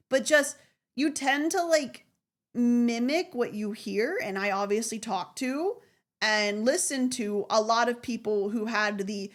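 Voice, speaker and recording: A woman's voice: fairly high pitch, fairly bright tone. A woman streamer with a faint Southern American accent, chatting in a giggly, self-aware way while reacting live.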